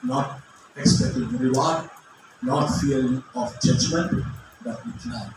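A man's voice: medium pitch, steady tone, slow. Impassioned preacher man in an echoey hall. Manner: impassioned, shouting at times, with non-native phrasing. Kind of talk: sermon. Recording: echoey hall from far off, faint noise.

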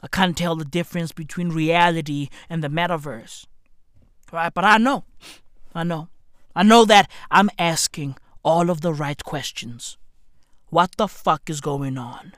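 A woman's voice: low-pitched, lively intonation, measured pace, pauses often, no echo, clean studio sound. A woman delivering a profane, slang-heavy rant full of rhetorical questions. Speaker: commentator.

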